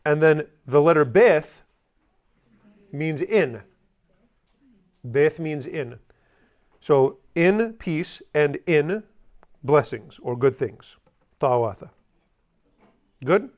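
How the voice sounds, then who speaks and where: A man's voice: fairly high pitch, expressive, very slow, pauses often, a little mellow, muffled recording. A man teaching a language class, drilling phrases with the students and adding joking asides.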